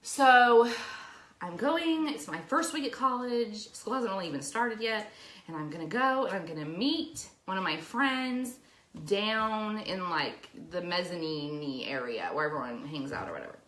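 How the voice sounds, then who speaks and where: Animated, bright-voiced woman storyteller. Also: medium pitch, a little slow, reverberant. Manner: animated storyteller, acts out scenes. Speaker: podcast co-host. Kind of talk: casual storytelling chat.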